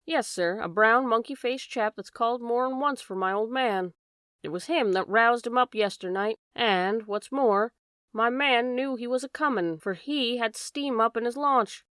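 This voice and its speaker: A woman's voice: fairly high pitch, normal speed, fairly bright tone, smooth, no echo, clean studio sound, lightly acted. A woman voicing an anxious, chatty boatman's wife, in an audiobook. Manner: homely, dropped endings, worried run-on talk.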